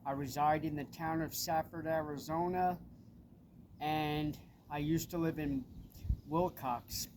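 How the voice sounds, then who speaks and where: Man with a Long Island accent, middle-aged, fairly high-pitched, urgent and aggrieved, vehicle noise behind. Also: fairly even intonation, slow pace, a little mellow. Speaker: person making a public complaint. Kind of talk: direct-to-camera personal appeal. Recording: noisy with vehicle sounds behind.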